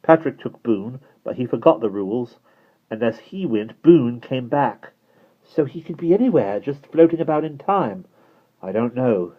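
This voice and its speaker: A man's voice: medium pitch, voice pushed up, natural voice. A man reading aloud and voicing an earnest, worried young boy in a storybook, talking urgently over a tinny, phone-like recording. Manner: urgent, insistent.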